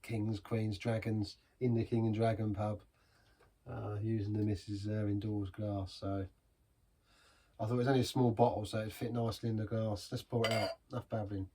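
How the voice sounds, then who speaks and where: A man's voice: lowish voice, flat delivery, normal speed, warm tone, slight background noise. A man giving a casual, rambling beer review in a pub, chatty and self-deprecating.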